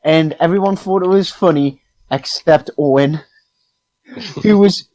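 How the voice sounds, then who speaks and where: A man's voice: sits high, a little slow, darkish tone, low-quality recording. A young man on a casual podcast, rambling through a story of running a tabletop game, full of fillers and swearing. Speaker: podcast co-host, game master. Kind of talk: casual chat.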